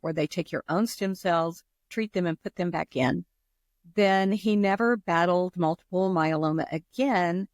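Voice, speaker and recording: A woman's voice: fairly low pitch, no echo, clean studio sound. An older woman, a podcast guest, earnestly telling a heartfelt personal story of loss and faith.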